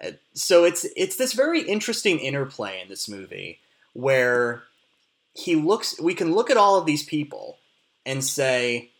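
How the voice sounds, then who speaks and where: A man's voice: mid-range voice, very animated, moderate pace, a bit bright. A man in casual film discussion, explaining plot and context at length with frequent restarts. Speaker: podcast co-host discussing a film.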